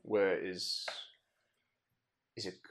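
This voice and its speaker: A man's voice: sits low, flat delivery, extremely slow, slight background noise. A man doing a stubborn townsman with a bad accent. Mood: accusing. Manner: bad put-on European accent. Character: stubborn young townsman, envoy of his mother. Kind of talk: tabletop role-play character voice.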